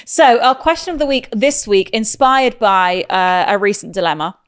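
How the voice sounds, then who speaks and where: A woman co-hosting a chatty podcast, trading quick-witted, giggly banter. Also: mid-range voice, clear, resonant tone. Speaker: podcast co-host. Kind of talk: casual chat.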